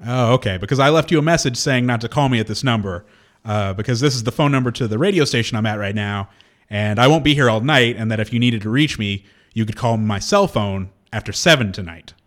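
A man's voice: mid-range voice, brisk. A man co-hosting a radio show in a studio, chatting in a playful, self-mocking way. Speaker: radio co-host. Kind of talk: casual radio banter. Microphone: studio microphone.

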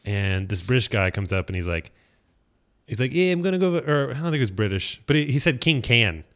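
A man's voice: fairly low pitch, fairly quick, fairly bright tone. A man hosting a community radio show, chatting casually and joking with fillers in a studio. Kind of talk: casual on-air banter.

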